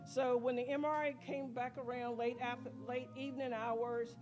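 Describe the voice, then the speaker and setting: High-voiced woman testifying over church music. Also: moderate pace. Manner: rambling, excited storytelling with quoted dialogue. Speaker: church member giving testimony. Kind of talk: spoken testimony at a worship service. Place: church sanctuary.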